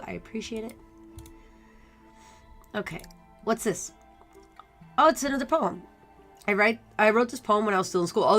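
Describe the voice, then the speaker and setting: A young woman live-streaming a cozy game, chatting and laughing as she slowly reads its text aloud. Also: mid-range voice. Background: faint game music.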